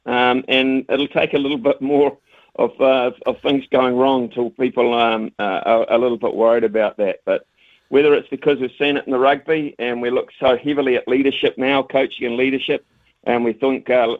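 A man's voice: mid-range voice, fairly even intonation, brisk, dry recording. New man on a tinny phone line. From New Zealand. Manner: stammering, repeats words, chatty. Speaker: cricket commentator, radio guest. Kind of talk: casual radio phone interview.

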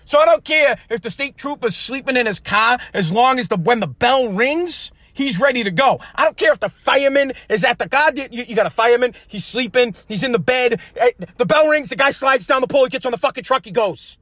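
A man's voice: extremely high pitch, lively intonation, fairly quick, hardly any pauses, fairly bright tone, no echo. A man hosting a show, delivering a heated, profane monologue with lots of repetition. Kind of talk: angry ranting monologue.

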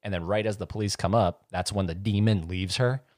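Guy with a really low voice rambling thru a movie story, dry close sound. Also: a little fast, darkish tone, no room sound. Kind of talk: casual chat about horror movies.

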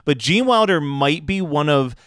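A man co-hosting a casual film chat, his voice smooth and a little higher than most men's. The sound is dry and close to the mic. He talks thoughtfully with some hedging, laughs along, and raises his voice to quote lines. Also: animated, moderate pace, fairly bright tone, no room sound. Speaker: podcast co-host.

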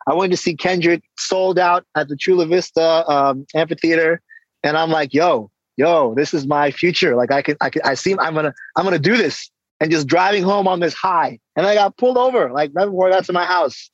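Man, casual interview guest, animated storytelling, slightly dull dry recording. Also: on the high side, brisk, dry recording. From San Diego, California. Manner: animated storytelling, acts out exchanges. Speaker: guest, hip-hop artist and coach.

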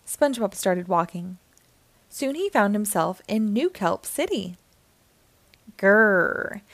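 A woman narrating a children's storybook aloud, with an expressive, clear delivery. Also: mid-range voice, a little slow, no echo. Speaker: children's book reader.

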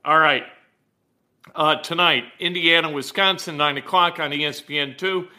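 A man's voice: a little high, steady tone, normal speed, pushed and bright. A man hosting a sports talk show, giving blunt, emphatic opinions and rattling off player stats. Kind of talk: opinionated sports commentary monologue.

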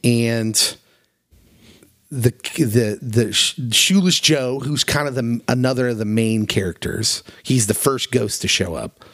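A man's voice: mid-range voice, a little slow, a bit bright, no room sound, clean studio sound. A man co-hosting a podcast, earnestly retelling a story in casual chat with plenty of feeling. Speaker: podcast co-host.

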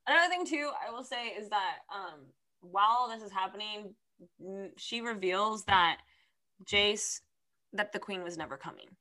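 Animated young woman reacting to a book. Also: medium pitch, normal speed. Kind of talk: casual book chat.

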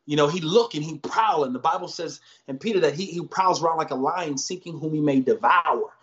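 A man, a pastor, preaching in a podcast conversation with energetic, slangy storytelling and emphatic repeated lines. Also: fairly high pitch, fairly quick, muffled recording. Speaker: pastor guest.

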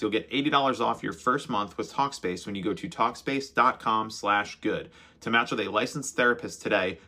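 A man co-hosting a casual podcast chat, who also reads the sponsor ad in a steady, measured way. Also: on the low side. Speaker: podcast co-host.

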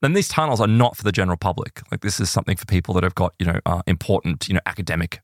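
A man hosting a podcast, retelling a story in a casual, animated way, full of "like" and "right?". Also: deep voice, racing, no echo, studio quality. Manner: animated, filler-heavy retelling with many "like"s and "right?"s.

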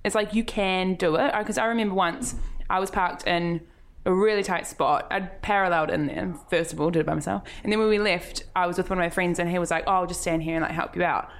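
A woman's voice: lowish voice, steady tone, quick pace. Giggly young New woman. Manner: giggly, self-deprecating. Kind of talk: casual chat.

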